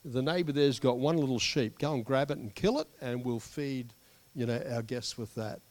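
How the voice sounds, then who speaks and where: A man doing a calm, earnest prophet. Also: medium pitch, moderate pace, close to an everyday voice. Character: earnest ancient prophet, calm and pointed storyteller.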